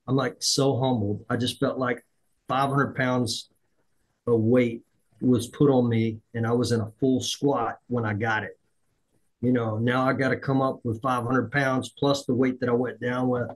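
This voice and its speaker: A middle-aged man hosting a podcast, telling a story in a lively way, acting out the dialogue and poking fun at himself. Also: mid-range voice, measured pace, rough recording. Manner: animated, acts out dialogue, self-deprecating. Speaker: podcast host. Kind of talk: conversational storytelling.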